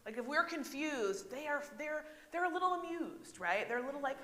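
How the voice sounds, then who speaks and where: A woman's voice: sits high, expressive, normal speed, bright, forceful tone. Woman pastor preaching, bouncy intonation, lots of "right?", long church echo. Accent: American. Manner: chatty, asks the congregation questions, frequent "right?". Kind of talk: conversational sermon. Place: church sanctuary. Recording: echoey church hall.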